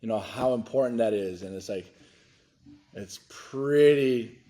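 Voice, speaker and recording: A man who is a podcast guest, telling a story in an excitable way and acting out the dialogue. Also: lowish voice, unhurried. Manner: excitable, acts out dialogue in his stories. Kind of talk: animated storytelling.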